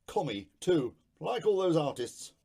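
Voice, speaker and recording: A loutish village sidekick, blunt and coarse, barking short crude lines in a husky voice that jumps about in pitch, as a man plays him. He sounds gruff and unbothered. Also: very animated, unhurried, warm tone, full character voice.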